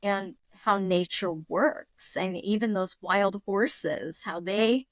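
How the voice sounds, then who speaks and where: A woman in her fifties, a podcast guest telling a story in a lively, emotional way, with frequent restarts. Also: medium pitch, takes it slowly, dry recording. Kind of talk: casual storytelling.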